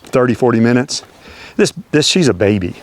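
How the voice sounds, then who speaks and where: A man's voice: medium pitch, animated, a little fast. Man coaching while training a horse. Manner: explains step by step, asks rhetorical questions. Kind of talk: hands-on teaching while working a horse.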